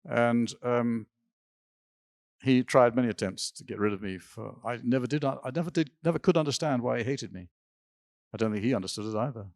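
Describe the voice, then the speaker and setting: On a symposium stage, an older man being interviewed tells rambling personal stories, laughing now and then and restarting sentences. His mid-range voice is a little fast and slightly mellow, captured as clean, echo-free studio sound.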